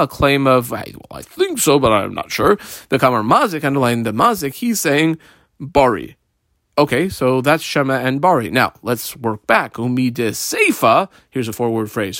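A man's voice: medium pitch, fairly bright tone, dry recording, studio quality. A man teaching a daily Talmud lesson, explaining the text step by step with frequent fillers.

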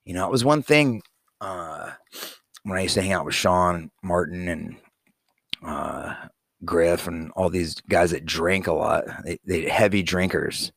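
A man's voice: deep voice, unhurried, gravelly, a bit bright, no echo, studio quality. A man in his forties talking to his young daughter in a casual, heartfelt monologue, blunt and profane, rambling with many fillers. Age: 40s. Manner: blunt and profane, plain-spoken.

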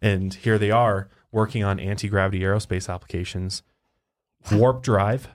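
Low-voiced man on a casual podcast. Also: little pitch movement, fairly quick. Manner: loose, rambling, swears casually. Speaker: podcast co-host.

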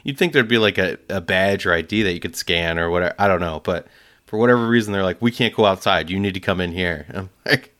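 Speaking fast in a low voice, a man casually tells a story about a delivery. He's animated, laughing often and acting out the voices of the people he quotes.

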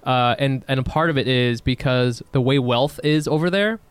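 Smooth-voiced man, profane and jokey. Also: medium pitch, moderate pace, dry recording. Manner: loose, profane, jokey, slips into mock voices. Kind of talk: casual chat.

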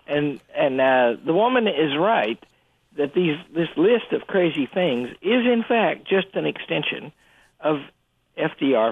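A man speaking as a guest on a radio discussion, animated and prone to restarts as he tells stories and argues. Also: gravelly, husky, no echo. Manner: animated storyteller, lively pitch, frequent restarts. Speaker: guest commentator. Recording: phone-line quality, dry.

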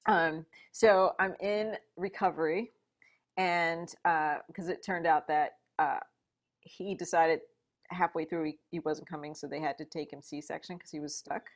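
A middle-aged woman telling a personal story in conversation, animated and full of asides and fillers. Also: sits low, a little slow. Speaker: guest.

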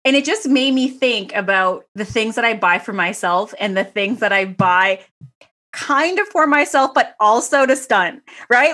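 A woman hosting a podcast, chatting casually and telling rambling, animated stories with a few laughs. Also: on the high side, normal speed. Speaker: podcast host. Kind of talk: casual chat.

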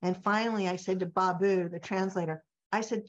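Middle-aged woman author as interview guest, animated storyteller, slightly dull lo-fi audio. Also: medium pitch, a little fast. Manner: animated anecdote telling, acting out quoted voices.

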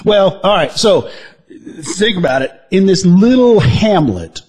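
Husky, lively comedic podcast man. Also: high-pitched, a little slow. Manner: rambling, mock-outraged, teasing. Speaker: podcast co-host. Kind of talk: crude comedic news chat.

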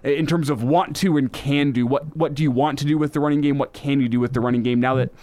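A man's voice: medium pitch, steady tone, a little mellow, no echo. A man co-hosting a sports radio show, talking through a point with a string of rhetorical questions. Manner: fast, poses rhetorical questions. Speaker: radio co-host.

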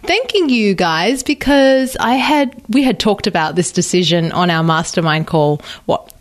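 A woman's voice: mid-range voice, expressive, unhurried. A woman co-hosting a podcast in an easygoing chat with a friend. She talks freely and often uses fillers as she works through her thoughts. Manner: chatty, lots of fillers. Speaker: podcast co-host. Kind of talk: casual chat.

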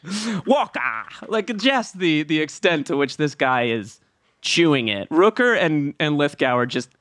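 A man in loose podcast chat with a fairly high, very lively voice that swings up and down as he exclaims. He laughs often. The sound is dry and close, with no room around it. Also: moderate pace, clean tone, no room sound. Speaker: podcast co-host. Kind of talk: casual chat.

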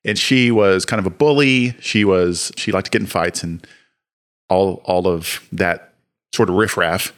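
A young man telling a lively personal story on a podcast, acting out his own shouting as he goes. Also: sits low, measured pace. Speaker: podcast co-host. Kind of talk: casual storytelling.

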